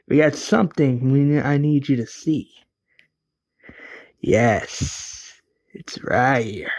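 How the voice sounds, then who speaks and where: Johnny Dugan is an intrigued scavenger, eagerly calling a companion over, as a man reads him out. The voice sits at an everyday middle pitch with a dry, close sound. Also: dry recording, exaggerated voice. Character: intrigued male scavenger finding weapons.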